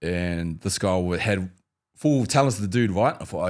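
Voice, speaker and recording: Male ex-fighter guest, New Zealand accent, low relaxed storyteller. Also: normal speed. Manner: animated storyteller, acts out fight banter and laughs. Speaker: former UFC fighter, guest. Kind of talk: casual storytelling interview.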